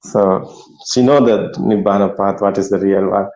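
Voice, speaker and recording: Halting man hosting a video call. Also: fairly low pitch, fairly even intonation, a little mellow, muffled recording. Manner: halting, many fillers, laughs often. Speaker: meeting host. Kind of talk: casual online meeting talk.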